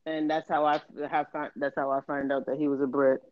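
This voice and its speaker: A man's voice: a little high, little pitch movement, fairly quick, no echo, muffled recording. A man co-hosting a podcast in casual chat, teasing and laughing often. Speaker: podcast co-host.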